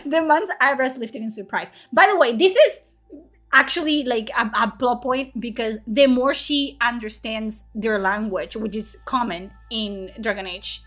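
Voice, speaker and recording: A woman's voice: fairly high pitch, a little slow, hardly any pauses, fairly bright tone. A woman streamer reading her own story aloud, breaking off for casual, self-mocking asides and swearing freely. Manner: swears freely, laughs at herself, chatty asides.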